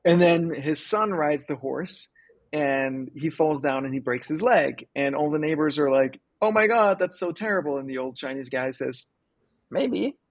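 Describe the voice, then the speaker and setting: Husky man coaching live callers. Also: mid-range voice, moderate pace, no echo. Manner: animated storyteller, acts out quoted voices. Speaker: host and business coach. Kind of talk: casual live-call coaching chat.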